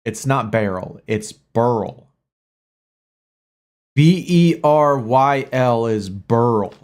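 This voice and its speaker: A man's voice: mid-range voice, animated, slow pace, a little mellow. A man hosting a mobile-game livestream, chatting in a rambling way and arguing back at his chat, with some casual swearing. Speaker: livestream gaming host.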